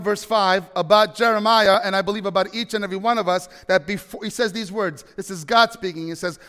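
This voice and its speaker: High-voiced preacher in a reverberant hall. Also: male voice, fairly even intonation, fairly quick, hardly any pauses, smooth. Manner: dynamic preaching, swings from loud to hushed storytelling. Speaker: pastor. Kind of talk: sermon.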